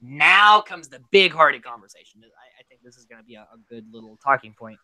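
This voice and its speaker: A woman's voice: sits low, lively intonation, a little fast, bright, forceful tone, no echo, poor audio. A woman hosting a casual podcast recap, talking animatedly and swearing casually. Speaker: podcast host. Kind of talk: casual reality-show recap chat.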